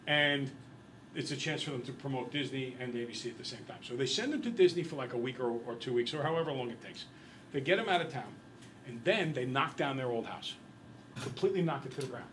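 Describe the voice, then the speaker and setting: A medium-pitched man talks quickly while teaching a math class, spinning a long story and quizzing his students along the way. He's lively and chatty. The low-quality recording carries a little hiss or hum.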